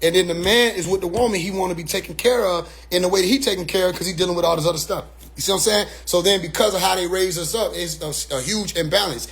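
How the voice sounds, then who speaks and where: High-voiced man, blunt rambling talk. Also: quick pace, creaky, few pauses, a bit bright. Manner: rambling, repeats "you see what I'm saying"; blunt, profane street talk. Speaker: commentator. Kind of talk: casual monologue commentary.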